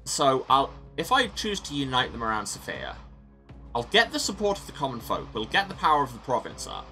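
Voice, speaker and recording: A man with a bright, forceful voice hosts a let's play of a story game. He reads the narration and then muses aloud on his choices with wry humor, over faint music. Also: medium pitch, huge pitch swings, a little fast. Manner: wry, musing commentary. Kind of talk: reading game text and commenting.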